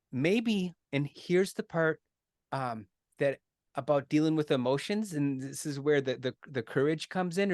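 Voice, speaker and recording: This podcast guest, a middle-aged man with a rather high voice, gives a sincere, conversational explanation. He often adds "right?" and starts his sentences over. The sound is clean, studio-grade, and echo-free.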